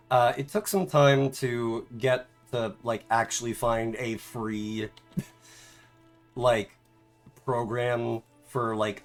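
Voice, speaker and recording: A man streamer chatting casually, rambling off on tangents and filling his talk with "like" and "um.". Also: medium pitch. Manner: rambling, filler-heavy, tangents. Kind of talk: casual chat.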